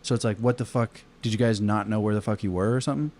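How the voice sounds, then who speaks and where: A man's voice: lowish voice, steady tone, fast, darkish tone. A man from Arizona telling a long story on a casual podcast, rambling with lots of fillers and swearing. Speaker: podcast co-host.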